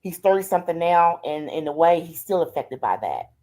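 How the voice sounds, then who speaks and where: Very animated and warm, this older woman talks fairly quickly in a lowish voice. A grandmother and interview guest on a stream, she tells her life story heartfeltly and colloquially, repeating "I said" and "she said" again and again.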